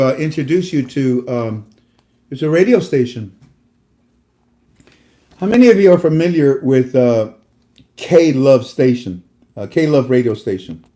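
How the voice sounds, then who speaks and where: Guy rambling and preaching to his viewers, lots of uhs, warm mellow tone. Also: mid-range voice. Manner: rambling, preachy, with many fillers and restarts. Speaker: host. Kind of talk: casual religious talk to viewers.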